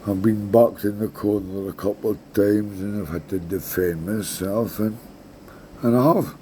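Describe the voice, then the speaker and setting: In a mellow, steady voice on the low side, a sixty-something Scottish vlogger tells a rambling story at a moderate pace. The chat is casual, peppered with swearing and repeated "right?" tags. Slight background noise is present.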